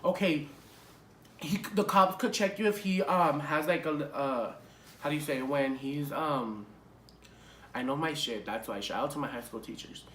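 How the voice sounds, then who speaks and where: A young man telling a casual storytime vlog in an animated, profane way, full of fillers. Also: a little high, normal speed. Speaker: vlogger. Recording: echoey room with faint hiss.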